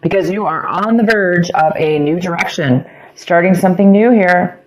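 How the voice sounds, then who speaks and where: A woman with a slightly low voice talks through a tarot reading, circling back over her phrases with plenty of ums. She is losing her voice as she goes. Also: moderate pace, slight background noise, poor audio. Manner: rambling, repeats phrases, many ums. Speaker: tarot reader. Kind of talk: casual tarot reading to camera.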